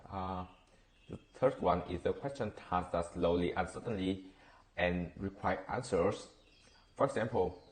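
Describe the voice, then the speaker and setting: A man with a Vietnamese accent reading a class presentation on intonation, halting with fillers and self-corrections. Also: low-pitched. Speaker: student presenter.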